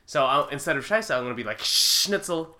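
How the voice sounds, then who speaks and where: A man's voice: medium pitch, lively intonation, fairly quick, pushed and bright. A young man co-hosting a podcast, rambling in casual chat with lots of fillers and laughs. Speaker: podcast co-host.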